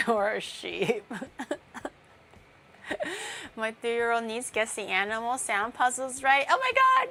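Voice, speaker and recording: Baking at home on a livestream, a young VTuber rambles through playful tangents full of fillers. She has a mid-range, slightly bright voice, with slight background noise.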